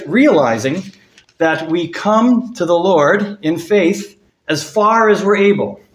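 Man, preacher, slightly high voice, earnest sermon, roomy echo. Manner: earnest, rises in pitch for emphasis, drops soft on key words. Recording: echoey room.

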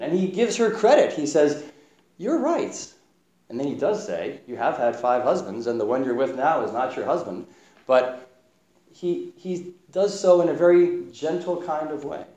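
Gentle preacher man in an echoey hall. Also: mid-range voice, sing-song, moderate pace. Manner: gentle, reflective, acts out quotes. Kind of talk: sermon. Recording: echoey room.

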